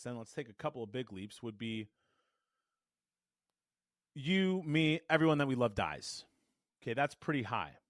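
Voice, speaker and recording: A man explains vocal resonance as a voice coach and demonstrates each idea with his own voice, moving it from head to chest. He has an everyday mid-pitched voice. He talks close to a good studio mic in a dead, dry room. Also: sharp tone, dry recording. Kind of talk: podcast lesson. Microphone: studio microphone.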